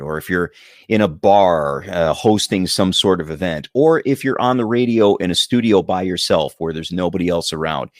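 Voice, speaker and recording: A man who works as a radio broadcaster, answering interview questions in a measured, clearly enunciated way. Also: deep voice, no echo, studio quality. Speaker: radio broadcaster and voice-over guest.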